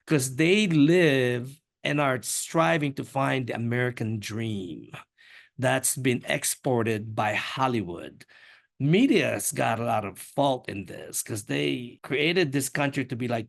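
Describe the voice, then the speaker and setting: Older male artist, interview guest, outspoken, shifting pace, middle-pitched voice. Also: creaky. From Philippines. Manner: frank and opinionated, speeds up and slows down. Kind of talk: candid interview talk.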